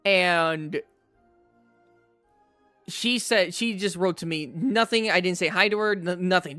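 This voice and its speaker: A man streaming, telling a personal story to his chat in a casual, animated way, often checking in with "right?". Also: high-pitched, unhurried, soft background music. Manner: animated storyteller, repeats himself, says "right?" a lot.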